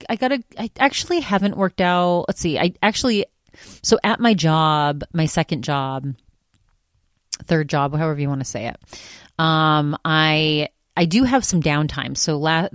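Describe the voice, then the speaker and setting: Woman podcast host, rambling and venting, lowish voice, dry close sound. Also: no echo. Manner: rambling, filler-heavy and exasperated. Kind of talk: casual solo podcast monologue.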